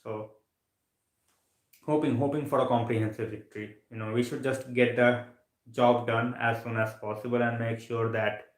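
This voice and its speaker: A man's voice: mid-range voice, steady tone, normal speed, reverberant, low-quality recording. A sleepy man hosting a late-night live stream, chatting casually, yawning, full of fillers and repeated phrases. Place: home room, late at night.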